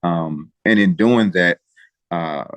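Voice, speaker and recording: A man with a very low voice talks as an interview guest, recorded dry and close. He speaks with emotion and stops often to restart his sentences. He urges listeners on the way a preacher would. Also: a bit bright, no echo. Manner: emotional, halting, with frequent pauses and restarts. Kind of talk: earnest interview talk.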